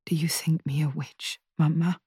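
A guarded young woman, voiced by a woman reading an audiobook, answers in hushed, clipped lines. She speaks slowly and the sound is dry and close. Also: lowish voice, slightly rough, no echo. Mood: tense, hushed. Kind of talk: audiobook character voice.

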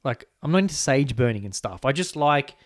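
A young adult man with an Australian accent, co-hosting a podcast in rambling, animated casual chat full of fillers. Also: medium pitch, a little fast, no echo, clean studio sound. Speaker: podcast co-host.

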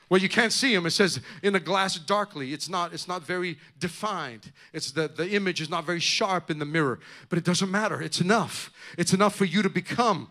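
High bright-voiced preaching pastor. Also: male voice, a little fast, few pauses. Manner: impassioned preaching, rising to near-shouting emphasis. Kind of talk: sermon.

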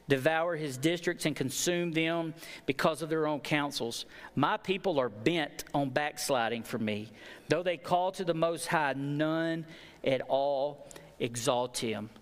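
A man preaching a sermon, moving between quiet storytelling and rising, emphatic exhortation. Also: medium pitch. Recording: reverberant hall.

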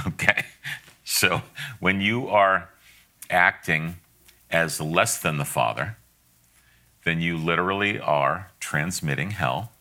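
A man's voice: low-pitched, slow, pauses often, bright, forceful tone. A middle-aged man giving a conversational sermon, folksy and direct, with asides and frequent laughs.

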